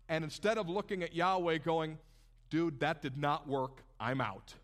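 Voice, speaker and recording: A man gives a sermon in a fairly high voice. He preaches in an animated, conversational way and slips into casual asides to the congregation. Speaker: pastor.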